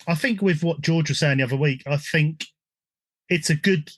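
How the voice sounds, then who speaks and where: A man's voice: on the high side, moderate pace, dry recording. An English man hosting a casual gaming podcast, chatty, with frequent ums and restarts. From England. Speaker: podcast host.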